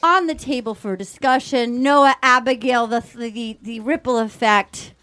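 A woman hosting a comedy podcast, recapping a TV episode and acting out what people said, with lots of lively storytelling. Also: on the high side, a little slow. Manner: animated storyteller, acts out quotes. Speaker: podcast host.

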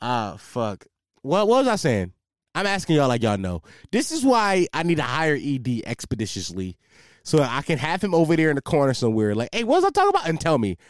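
Animated, rambling young man podcasting. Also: mid-range voice, a little fast, dry recording, studio quality. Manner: profane, rambling, loses track, animated storyteller. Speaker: podcast host. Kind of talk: casual solo podcast rant.

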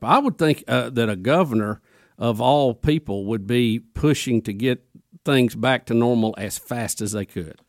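A man's voice: mid-range voice, measured pace, a little mellow, no echo, studio quality. A man co-hosting a talk radio show, giving his opinions in an exasperated, casual way.

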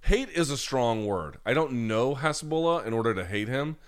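A man hosting a live chat rants bluntly with plenty of profanity, occasionally mocking people in put-on voices. His voice is medium-pitched with big pitch swings, at normal speed.

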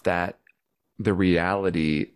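A man in his forties speaks as a podcast guest, with a somewhat low voice. He talks earnestly and reflectively, leaning into heartfelt points and at times rising into loud pleading. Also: steady tone, slow pace, clear, resonant tone. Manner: earnest, reflective, bursts into loud pleading when recounting prayers. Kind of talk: heartfelt conversation.

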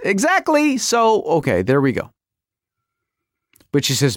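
Animated middle-aged man telling a story. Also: a little high, unhurried, long pauses, no echo, studio quality. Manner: animated, exaggerated storytelling with quoted voices. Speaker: podcast host. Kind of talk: comic storytelling monologue.

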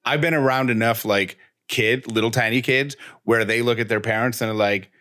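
A man's voice: mid-range voice, fairly even intonation, moderate pace, few pauses, fairly bright tone. A man co-hosting a podcast in casual chat, playfully spinning silly spooky theories. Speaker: podcast co-host.

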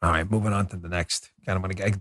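A middle-aged man hosting a political commentary show, talking in an animated, mocking way with quick asides. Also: deep voice. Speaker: host.

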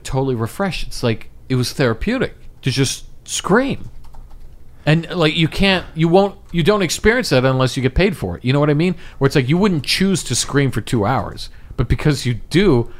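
A middle-aged man, a voice actor, chatting casually on a podcast in a jokey, profane way. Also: medium pitch. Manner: jokey, profane, slips in and out of impressions. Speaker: voice actor guest.

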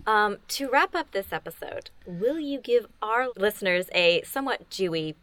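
A woman's voice: mid-range voice, animated, moderate pace, a bit bright, dry recording. A woman co-hosting a podcast, asking curious follow-up questions in casual chat. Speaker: podcast co-host.

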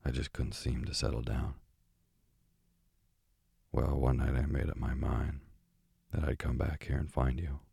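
A man voicing a chatty, gossipy old female parrot in a storybook reading, in a deep, gravelly, husky voice. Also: flat delivery, a little slow, pauses often, warm tone, no room sound, studio quality, exaggerated voice.

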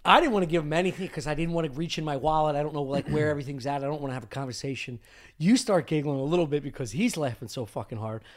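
A man's voice: on the high side, racing. A man co-hosting a podcast, telling a story in casual, profane chat and laughing often. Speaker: podcast co-host.

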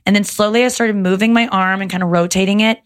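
A woman in her thirties, a podcast guest, telling stories in animated casual chat and swearing often. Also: mid-range voice, fast talker, clear, resonant tone. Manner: animated storytelling with frequent swearing.

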